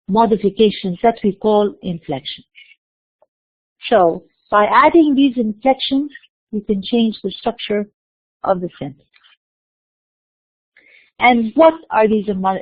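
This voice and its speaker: A woman teaches a university class, working through each point and asking questions she then answers herself, with repeated restarts. Her voice sits at a middle pitch. The recording is dry and tinny, as if heard over a phone line. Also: dry recording. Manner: explanatory, repeats words and restarts, asks and answers own questions. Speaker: lecturer. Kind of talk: university lecture.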